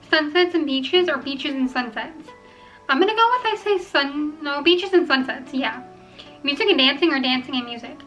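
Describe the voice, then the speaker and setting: A young woman chatting casually to camera at home, rambling and filling pauses with ums as she weighs each choice. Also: high voice, pushed and bright, dull audio. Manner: chatty, rambling, filler-heavy. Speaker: vlogger. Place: home room.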